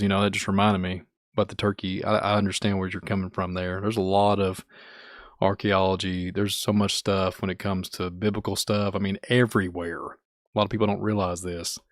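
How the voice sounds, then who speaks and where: A man's voice: deep voice, no room sound, studio quality. A man from Kentucky with a Kentucky accent, hosting a livestream podcast, rambling and repeating himself as he reads the chat. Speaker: podcast host. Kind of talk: casual livestream talk reading chat.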